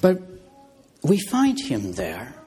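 Slow, husky male preacher. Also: mid-range voice, huge pitch swings, darkish tone. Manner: measured, emphatic preaching with rhetorical questions. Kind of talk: sermon.

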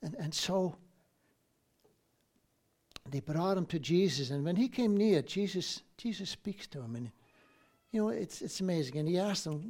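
Man preaching a relaxed sermon. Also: high voice. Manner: unhurried storytelling with frequent restarts and asides.

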